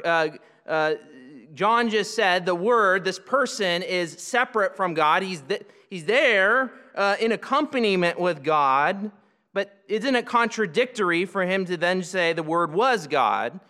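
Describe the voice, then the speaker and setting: A man preaching a sermon, explaining scripture in a teaching manner, slowing down for emphasis and often restarting phrases. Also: high voice, animated, pushed and bright, big-room sound. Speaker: pastor.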